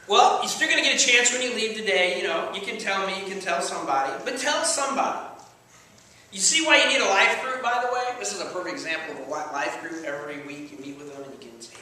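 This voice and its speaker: A man's voice: high voice, quick pace, pushed and bright. A man preaching a sermon as pastor, conversational and playful, often checking in with the congregation. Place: church sanctuary. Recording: echoey church hall, mic at a distance.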